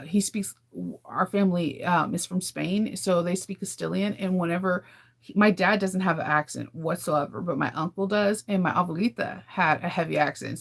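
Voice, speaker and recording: A woman's voice: on the low side, gravelly. A woman from California hosting a casual livestream, chatting candidly with viewers and laughing often. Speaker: livestream host. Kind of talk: casual chat with live viewers.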